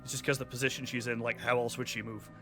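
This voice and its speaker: A man's voice: medium pitch, flat delivery, fast. A man streaming a video game, chatting casually and joking, sometimes slipping into silly accents. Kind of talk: casual gameplay commentary. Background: game music.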